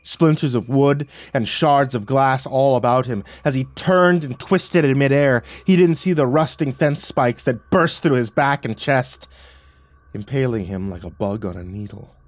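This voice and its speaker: A man's voice: mid-range voice, measured pace, no room sound. Dramatic male horror narrator. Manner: swings from hushed to loud and urgent.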